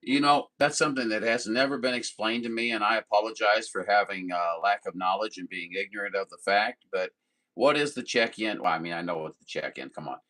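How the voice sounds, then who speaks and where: A man from southern Missouri chats over a sideband radio in a low voice with a bright, forward edge. He talks in a folksy, easygoing way, apologizing often and filling pauses with plenty of ums and uhs. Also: poor audio. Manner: folksy and apologetic, with many fillers. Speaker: CB radio operator. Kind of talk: casual radio chat.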